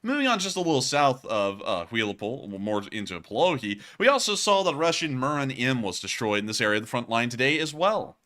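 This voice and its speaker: A man's voice: medium pitch, big pitch swings, a little fast, hardly any pauses, bright, forceful tone. A man casually commenting over war footage as host, joking and rambling and laughing at his own slips. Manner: jokey, rambling, laughs at himself.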